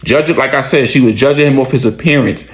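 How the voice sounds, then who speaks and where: A man casually telling a story, slangy and conversational, with animated retelling. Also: medium pitch, quick pace, poor audio.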